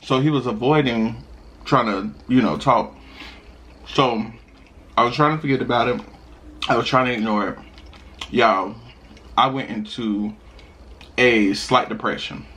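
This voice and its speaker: A young man vlogging while eating, telling a personal story in a chatty, animated way with sudden high laughs. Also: unhurried, long pauses. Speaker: mukbang vlogger.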